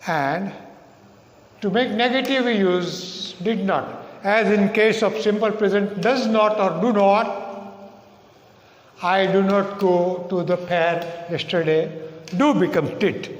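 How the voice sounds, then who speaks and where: Slow high-voiced Indian English teacher. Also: male voice. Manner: slow, deliberate, repeats example sentences. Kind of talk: recorded classroom grammar lesson. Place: school classroom or hall. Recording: echoey hall recording.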